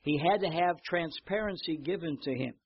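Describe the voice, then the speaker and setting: An older man preaching a sermon, telling stories with lively repetition and reading scripture aloud. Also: fairly high pitch, moderate pace, breathy edge, no room sound, muffled recording. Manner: storytelling, animated in anecdotes, repeats words. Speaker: pastor.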